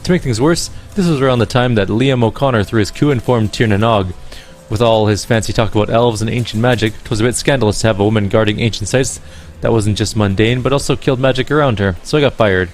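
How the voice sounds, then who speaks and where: A man's voice: on the low side, quick pace, faint music behind, natural voice. Male gamer doing a brawny, foul-mouthed Irish woman, put-on accent; slangy and blunt. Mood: chatty. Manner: brash, slangy, swearing. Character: tough Irish woman, brash ex-ranger.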